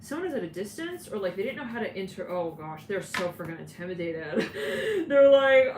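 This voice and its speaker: Speaking fairly quickly with few pauses, a tarot reader with a sing-song, mid-range female voice rambles through a channeled reading. She giggles and laughs frequently, and the distant mic picks up a roomy sound with obvious background noise.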